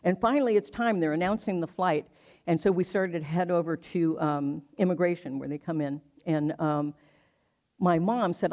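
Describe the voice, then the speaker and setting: A minister in their sixties from the United States, preaching slowly and reflectively, telling a personal story and repeating words for emphasis. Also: medium pitch. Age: 60s. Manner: slow, reflective, with emphatic repetition. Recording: slightly dull lo-fi stream audio.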